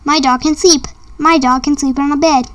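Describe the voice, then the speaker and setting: A woman with a high voice reads a children's picture book aloud, line by line. She goes at a simple, halting pace, trips over a word now and then, and stops to add chatty asides about the story. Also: steady tone. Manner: simple, halting read with small slips and asides. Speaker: read-aloud host.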